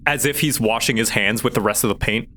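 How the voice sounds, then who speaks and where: A man's voice: on the low side, fast, a bit bright, slight background noise. A man narrating a tabletop game as its game master, describing scenes loosely with many hesitations.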